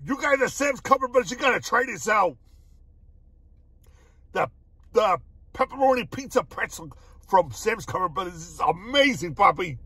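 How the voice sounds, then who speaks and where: An excitable man tasting food on camera, his voice husky and sitting high. He talks in a lively, swooping way and keeps breaking into laughs and cries of delight. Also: normal speed, pauses often, dry recording. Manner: excitable, repeats "my brothers", laughs often. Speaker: food reviewer. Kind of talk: casual food review vlog.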